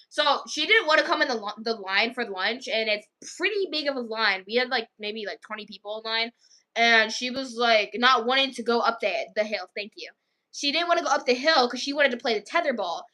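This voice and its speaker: Bright-voiced girl rambling through a storytime vlog, kinda high. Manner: rambling, full of "I was like". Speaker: vlogger telling a story. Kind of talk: casual storytime chat.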